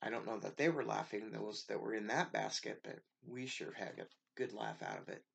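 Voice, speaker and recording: A woman's voice: a bass voice, moderate pace, creaky. A woman from the United States, a craft vlogger, opening a package in a casual show-and-tell and gushing with thanks over every piece.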